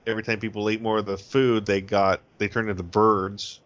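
A man co-hosting a podcast in casual chat, quick to joke, often stumbling over repeated words. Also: on the low side, level tone, a bit bright. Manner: quick to joke, stammering restarts. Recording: dull lo-fi podcast audio.

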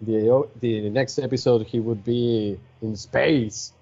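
A man's voice: medium pitch, fairly even intonation, slow pace, dark tone. A man co-hosting a podcast in casual chat, explaining things in a talkative way. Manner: explanatory, chatty. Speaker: podcast co-host. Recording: dull lo-fi podcast audio.

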